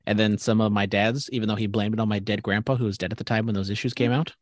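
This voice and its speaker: Fast-talking man with crude teasing banter. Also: fairly low pitch, steady tone, no room sound, clean studio sound. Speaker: podcast co-host. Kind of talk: casual podcast chat.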